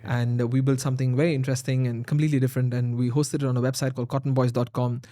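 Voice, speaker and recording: A man with an Indian English accent, in his thirties, speaks at a brisk clip and keeps his pitch in the middle range. He tells a personal story as a podcast guest and acts out the voices in it. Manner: animated storyteller acting out dialogue. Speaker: guest, founder.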